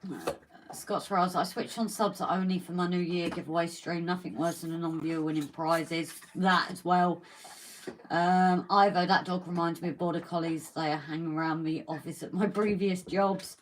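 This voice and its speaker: A woman's voice: on the low side, fairly even intonation, normal speed, slight background noise, poor audio. Chatty woman reading live chat. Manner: chatty, calls viewers darling and lovely. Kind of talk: casual live stream chat.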